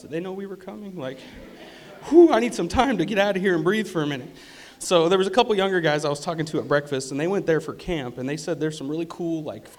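A man shares his personal testimony in church, earnest and a little halting as he restarts his sentences. His voice sits somewhat high for a man. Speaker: church member giving testimony.

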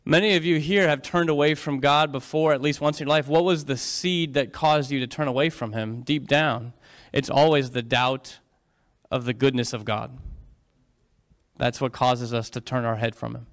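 A man's voice: medium pitch, fairly even intonation, normal speed, a bit bright. A man preaching a sermon, retelling scripture dramatically and questioning his congregation.

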